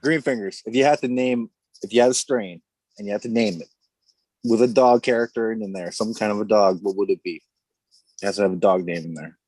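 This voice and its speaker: A man's voice: fairly low pitch, fairly quick, a little mellow, no room sound, poor audio. A man leading a casual chat with friends, joking and teasing with an easy laugh. His voice sounds dry and close to the mic.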